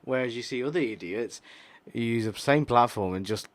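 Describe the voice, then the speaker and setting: A man co-hosting a podcast, chatting in an animated, opinionated way and jumping between tangents. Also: mid-range voice, moderate pace, dry recording. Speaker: podcast co-host. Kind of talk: casual opinionated chat.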